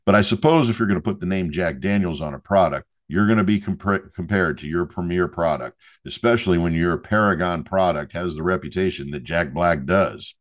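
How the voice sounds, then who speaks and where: A man's voice: low voice, fairly quick, few pauses. A man hosting a podcast, talking casually and joking with loose asides as he reviews a drink. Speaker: podcast host.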